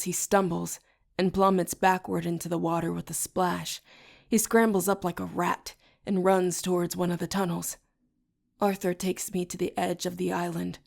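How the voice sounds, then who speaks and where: A woman narrates an audiobook in a low voice with a gravelly fry underneath. Her delivery stays steady and even, with a fairly flat melody. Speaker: audiobook reader.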